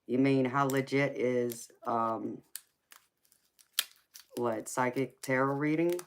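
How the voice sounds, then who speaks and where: A woman with a heavy Southern US drawl and a strikingly deep voice chats casually on her tarot live stream. She sounds folksy and easygoing and keeps calling her viewers sweetheart and honey. There is a faint hiss behind her. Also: fairly even intonation, takes it slowly. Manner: folksy, calls listeners baby, sweetheart and honey.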